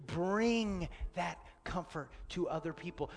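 A man in his thirties preaching a sermon as a pastor, telling a personal story and swinging from loud urgency to a soft, near-whispered hush. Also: on the high side, a little slow, long reverb tail.

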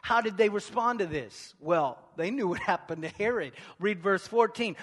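A man preaching a sermon with emphatic repetition, building to shouts. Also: high voice, lively intonation, moderate pace, hardly any pauses. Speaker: pastor. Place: church hall. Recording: echoey church hall.

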